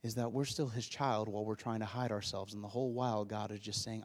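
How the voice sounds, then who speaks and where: A man in his thirties preaching a sermon. He builds to loud, urgent climaxes, then drops to quiet, low-voiced passages. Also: steady tone, quick pace. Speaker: pastor.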